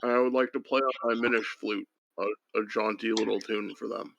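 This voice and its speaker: A man with a deep voice playing a tabletop game who talks in a hesitant, playful way. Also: steady tone, brisk, vocal fry, fairly bright tone, highs cut off, slight background noise. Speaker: player. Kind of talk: casual tabletop role-play.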